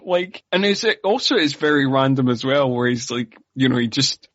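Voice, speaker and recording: A Scottish man in casual podcast chat about an action film. He talks in an animated, incredulous way, with his pitch leaping up whenever something strikes him as absurd. The sound is dry and a little dull, as from a modest home mic. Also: moderate pace, few pauses, dry recording. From Scotland. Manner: animated, incredulous, jumps up in pitch when making a point. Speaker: podcast co-host.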